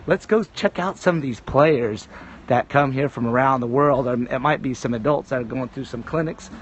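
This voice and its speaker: A man's voice: medium pitch, moderate pace, highs cut off, slight background noise. A man livestreaming from his phone while walking around a tennis ranch outdoors, chatting casually and rambling in an upbeat way. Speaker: livestream vlogger. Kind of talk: casual walk-and-talk livestream.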